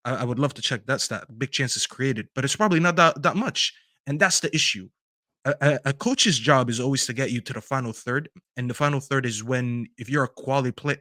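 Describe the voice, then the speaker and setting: A man co-hosting a football podcast, giving strong opinions in a casual, animated debate. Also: mid-range voice, no room sound, clean studio sound. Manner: opinionated, animated, talks over hesitations.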